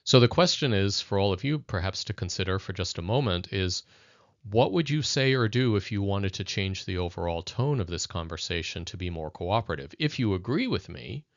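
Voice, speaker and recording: A man's voice: sits low, lively intonation, brisk, no room sound. A man teaching in a conversational video lesson, speaking thoughtfully and addressing viewers directly. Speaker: educator. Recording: dull lo-fi dry recording.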